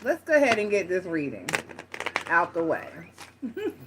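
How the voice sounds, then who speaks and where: A woman's voice: fairly low pitch, very animated, normal speed, background noise. A woman giving a casual tarot reading, talking frankly and directly to her viewers, with slang and the odd swear. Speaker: tarot reader.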